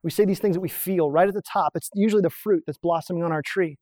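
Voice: mid-range voice, fast, darkish tone, dry recording, studio quality. A pastor giving a conversational sermon, explaining points on a drawn diagram and asking the listeners rhetorical questions.

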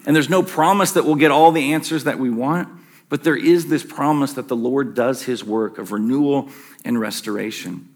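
A man's voice: mid-range voice, moderate pace. A middle-aged man preaching a casual, self-deprecating sermon to his church, with plenty of fillers and asides. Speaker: pastor. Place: church sanctuary.

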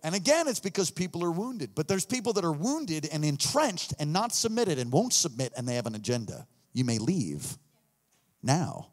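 Fired-up high-voiced preacher in a reverberant hall. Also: male voice, normal speed. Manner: animated, swings from murmurs to shouting. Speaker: pastor. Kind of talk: sermon. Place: church hall.

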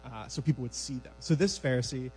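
A man preaching a sermon in a church sanctuary, conversational and lively, acting out scenes from scripture. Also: mid-range voice, quick pace, slight background noise, poor audio.

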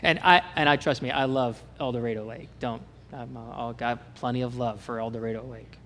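A man from Kansas with a Kansas accent preaching a sermon as pastor, animated and asking the congregation questions. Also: medium pitch, a little fast, in a large hall, a little hiss or hum.

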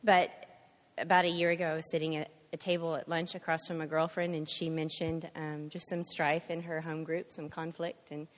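A woman with a very low voice shares a testimony in church and hesitates often between phrases. Her voice carries a long reverb from the sanctuary. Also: flat delivery. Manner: warm-hearted, halting, with many fillers. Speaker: congregation member.

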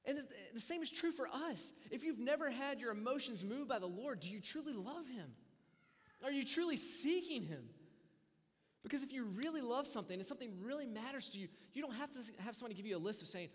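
A man with a high, light voice delivers a sermon to his congregation, his words trailing off in the long reverb of a big church hall. He preaches in an animated, storytelling way, dropping low and quiet, then rising to loud bursts. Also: moderate pace, long pauses. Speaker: pastor.

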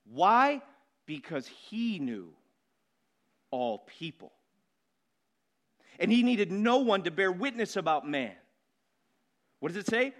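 High-voiced preacher man, emphatic and repetitive. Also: sing-song. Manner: emphatic, repeats key words, slows down to stress points. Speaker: pastor. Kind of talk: sermon.

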